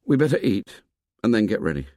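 A man voicing a stubborn young boy leader who insists loudly and defends himself. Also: fairly low pitch, big pitch swings, fairly quick, no echo, studio quality. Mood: insistent.

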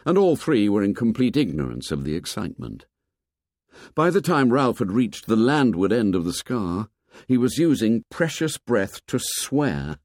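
A man narrating a novel in a measured, expressive storytelling manner. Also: medium pitch, no echo, studio quality. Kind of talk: audiobook narration.

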